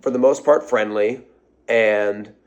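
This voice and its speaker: Speaking slowly in a lowish voice over a muffled recording, a male social media creator rants off the cuff to motivate his followers. He swears freely, talks bluntly, and keeps repeating his key phrases.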